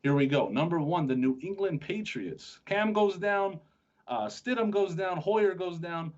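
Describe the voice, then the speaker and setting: A man's voice: sits high, lively intonation, measured pace, a little mellow. A man hosting a sports podcast, chatting casually and joking with his co-host, often restarting his sentences. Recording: dull lo-fi sound.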